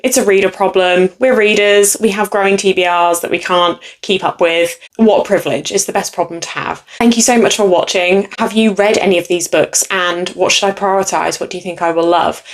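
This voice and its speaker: A young woman from the United Kingdom, chatting casually through a book haul and jumping up high when she gets excited. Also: a little fast, few pauses. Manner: bubbly and excitable, gushing with sudden high squeals. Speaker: booktuber.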